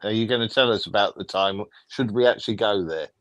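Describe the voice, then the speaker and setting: Relaxed lower-voiced man chatting football. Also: quick pace. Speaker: co-host. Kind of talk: casual fan chat.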